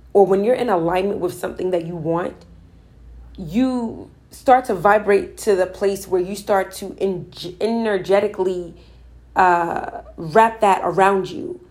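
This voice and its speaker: A woman's voice: mid-range voice, darkish tone. A woman telling a personal story about manifesting and spiritual guidance in an earnest, emphatic, conversational way, often repeating herself for effect. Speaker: spiritual speaker.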